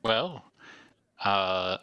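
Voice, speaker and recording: A man's voice: lowish voice, lively intonation, drawn-out words, smooth, no room sound, muffled recording. A man playing in a tabletop game, talking casually and hesitantly, repeating himself. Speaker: player.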